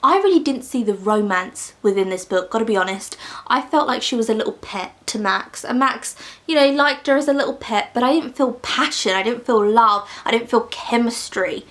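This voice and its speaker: A woman's voice: on the high side, moderate pace. Brief: a chatty woman from the UK ranting playfully through a book review. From United Kingdom. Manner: animated, ranty, laughs between points.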